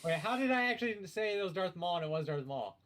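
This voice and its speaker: A man with a fairly high voice who talks quickly while joking through a tabletop game. He sounds laid-back and careless. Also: animated, fairly bright tone, no room sound. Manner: laid-back, joking, playing a drunk character. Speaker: player. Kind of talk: casual tabletop game chat.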